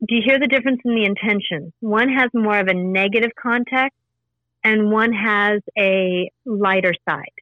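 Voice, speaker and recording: A woman's voice: mid-range voice, normal speed, no echo, lo-fi sound. A woman talking earnestly in a casual interview, explaining her spiritual practice in a repetitive, teaching way. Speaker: spiritual intuitive guest.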